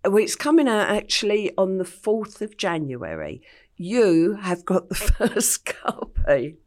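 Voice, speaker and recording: A woman's voice: mid-range voice, big pitch swings, a little slow, darkish tone. An older English woman, an interview guest, telling her story vividly and acting out the voices she quotes. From England.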